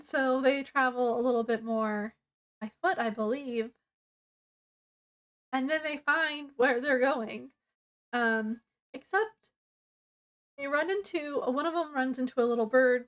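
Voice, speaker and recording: A woman's voice: fairly high pitch, fairly bright tone. A woman casually reviewing a book, retelling the plot in a rambling way with lots of fillers.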